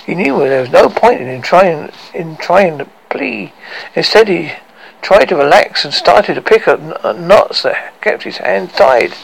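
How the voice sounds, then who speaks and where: A man narrating a horror story in a measured, dramatic way. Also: on the high side, vocal fry, a bit bright, husky, poor audio.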